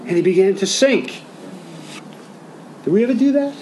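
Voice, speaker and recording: High-voiced pastor preaching a sermon. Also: male voice, lively intonation, normal speed, a little mellow, a little hiss or hum, rough recording. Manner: conversational, asks the congregation questions.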